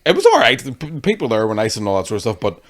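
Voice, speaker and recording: Man, rapid storyteller, sweary, animated. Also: medium pitch. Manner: swears constantly, acts out hecklers in animated storytelling. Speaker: comedian guest. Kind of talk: casual podcast chat.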